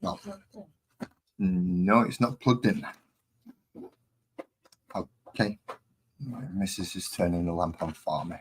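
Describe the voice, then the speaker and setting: A man's voice: low-pitched, slow, long pauses, slight background noise. A man casually chatting on a live stream while painting models, rambling and easily distracted.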